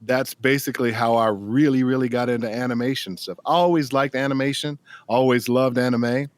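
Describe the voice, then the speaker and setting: A middle-aged man, a guest voice actor, telling stories in a relaxed interview and acting out the lines he quotes. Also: mid-range voice, fairly quick, dry recording. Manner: animated storyteller who acts out quotes. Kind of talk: casual interview chat.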